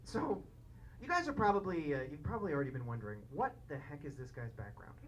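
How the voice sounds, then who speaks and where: High-voiced awkward male comic. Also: huge pitch swings, quick pace, heavy background noise. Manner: awkward, confessional, rambling delivery. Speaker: stand-up comedian. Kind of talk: stand-up set. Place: comedy club stage. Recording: live club recording with crowd. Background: audience laughter.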